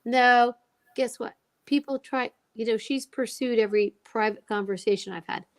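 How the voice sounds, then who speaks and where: Woman guest telling a story, fairly high voice, acts out everyone she quotes. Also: normal speed. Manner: animated, acts out quoted dialogue. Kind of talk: emotional storytelling.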